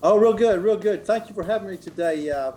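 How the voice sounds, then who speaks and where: A man's voice: high-pitched, fairly quick, mellow, faint music behind. An older man telling stories as an interview guest, chatty and folksy with many fillers and restarts. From Memphis, Tennessee. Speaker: guest clothier. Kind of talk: casual storytelling interview.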